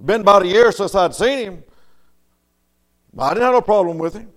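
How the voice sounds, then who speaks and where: A man preaching a storytelling sermon in a folksy way, dropping to soft murmurs and rising to loud, emphatic lines. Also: high-pitched, animated, brisk.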